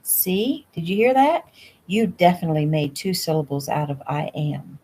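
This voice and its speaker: A woman's voice: sits low, very animated, normal speed, a little mellow, husky, exaggerated voice, low-quality recording. A woman reading the lines of an easygoing, teasing young rancher man, in a casual audiobook reading at home. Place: home room.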